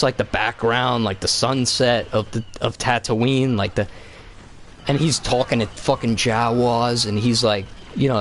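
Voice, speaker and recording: A man streaming a game, ranting casually about a film in a rambling, excitable way with lots of swearing, from a home basement. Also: mid-range voice, a little hiss or hum. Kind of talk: casual profane movie rant.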